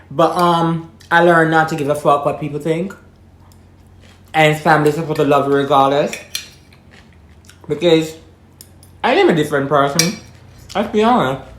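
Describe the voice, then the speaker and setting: Outspoken woman from Jamaica, echoey room. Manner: blunt, outspoken, swears freely, lively swings in pitch. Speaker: vlogger. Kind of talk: casual monologue to camera. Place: room with echo, eating while talking.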